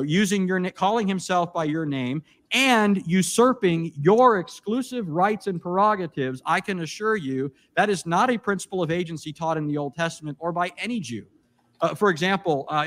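A man's voice: on the high side, fairly bright tone. A man giving a debate rebuttal, arguing emphatically, quoting scripture and Greek, with frequent restarts and fillers.

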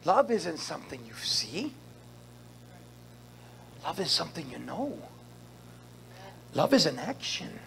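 A man's voice: a little high, sing-song, slow, vocal fry, long pauses, fairly bright tone, a little hiss or hum. A male pastor preaching a sermon at a church service, repeating phrases and calling out to the congregation for responses.

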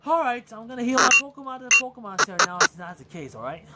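A woman hosting a gaming video provides let's play commentary in a fairly high, animated, fast voice over loud background noise. She swears heavily, rants, and bickers as she plays.

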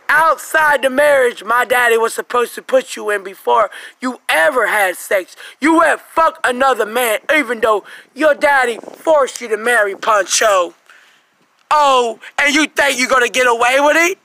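Very high, gravelly ranting man. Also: slight background noise, low-quality recording. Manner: aggressive, repetitive cursing and mocking; bursts into shouting. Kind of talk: profane religious rant monologue.

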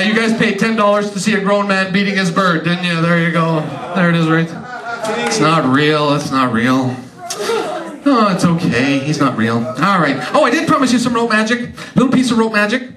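Man, comedy magician, high voice, roomy stage sound, loud audience. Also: far from the mic. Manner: joking, teasing the audience with quick asides. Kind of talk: stand-up comedy magic show. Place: live show venue. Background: audience laughing.

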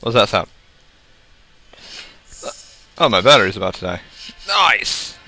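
A man's voice: lowish voice, moderate pace, bright, forceful tone, soft background music. A young man casually commenting on a game he is playing, talking to himself, swearing and yelping when startled. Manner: jumpy, swears, talks to himself, hums and yelps. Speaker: gameplay commentator. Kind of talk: casual let's-play commentary.

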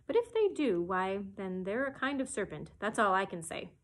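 A woman's voice: mid-range voice, sing-song, normal speed, fairly bright tone. A children's librarian voicing a fretful, shrieking mother pigeon that guards her eggs and scolds with contempt. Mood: scornful. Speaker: children's librarian reading aloud.

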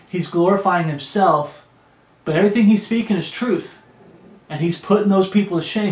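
A male pastor in full sermon mode, reading scripture aloud and driving his points home with emphasis. He slows down to lean on key phrases, in a fairly high voice. The sound rings in an echoey room. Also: darkish tone.

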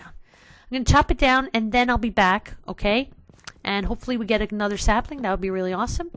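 A woman's voice: medium pitch, a bit bright, a little hiss or hum. A woman hosting a casual let's play, talking to her viewers in an exasperated way and sighing often. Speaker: gaming channel host.

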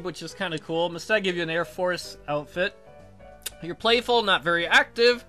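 Man, let's player, high bright voice, rambling jokey commentary, faint music under. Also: fairly quick. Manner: joking, rambling, swears freely. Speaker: video game let's player. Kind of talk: casual gameplay commentary.

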